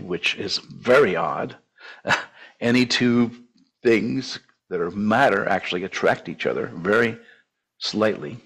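A man's voice: fairly low pitch, creaky, a bit bright, breathy edge, poor audio. An older man in his seventies giving a conversational sermon-style teaching, with asides and restarts. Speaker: preacher.

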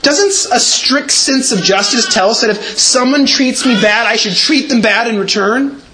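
High-voiced man preaching a sermon. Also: normal speed, bright, forceful tone, a little hiss or hum. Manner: earnest, emphatic preaching with repeated words. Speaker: pastor.

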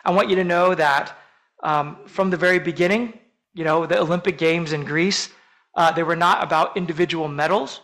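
A man's voice: a little high, fairly bright tone, poor audio. Earnest man preaching a sermon. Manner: earnest, measured preaching with slow emphatic phrases. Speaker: pastor.

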